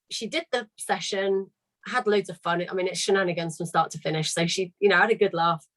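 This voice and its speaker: A woman who runs a choir talks on a video call. Her voice sits at a middle pitch, and she speaks in a chatty, candid way, with the odd casual swear. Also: low-quality recording. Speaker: choir leader. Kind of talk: casual storytelling on a live call.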